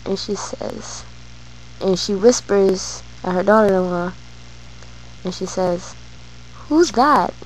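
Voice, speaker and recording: A woman's voice: medium pitch, level tone, takes it slowly, pauses often, a little mellow, a little hiss or hum, low-quality recording. A woman vlogging, telling a personal story in a hesitant way with many fillers.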